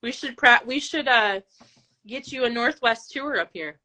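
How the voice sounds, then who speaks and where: Bright, chatty woman guest. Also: on the high side, moderate pace. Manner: enthusiastic, chatty. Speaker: band member guest. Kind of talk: casual interview chat.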